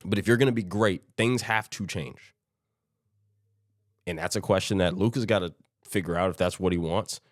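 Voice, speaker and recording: Low-pitched and speaking at a normal speed with long pauses, a man rambles his way through a solo sports podcast. He keeps it conversational, frequently restarts his sentences, and tosses off quotes from imagined teams. Clean studio audio, no room sound.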